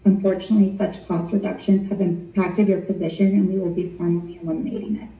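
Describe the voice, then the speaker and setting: A woman reading a prepared layoff statement in a measured, scripted way on a call. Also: medium pitch, little pitch movement, warm tone, roomy sound, recorded from a distance, dull audio.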